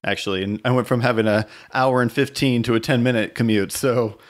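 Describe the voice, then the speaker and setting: A man hosting a podcast, asking questions in relaxed casual chat with short friendly affirmations. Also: mid-range voice, brisk. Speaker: podcast host.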